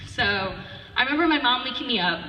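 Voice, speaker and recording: A woman's voice: fairly high pitch, lively intonation, fairly quick, pushed and bright, reverberant, long reverb tail, far from the mic, low-quality recording. A teenage girl giving a casual personal speech at a charity event, chatty and full of "like", acting out quotes as she goes. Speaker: student speaker at a charity event.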